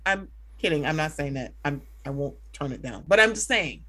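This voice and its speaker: A playful woman hosting a podcast, chatting loosely with lots of laughter and cursing. Her pitch swings widely as she jokes around. Casual, relaxed home-show talk. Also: brisk. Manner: playful, swearing, laughing, silly voices. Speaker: podcast host.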